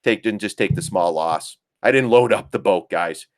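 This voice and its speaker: A man's voice: on the low side, moderate pace, no echo, studio quality. A middle-aged man hosting a casual trading live stream, rambling and joking, swearing casually and laughing often. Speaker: live-stream market host.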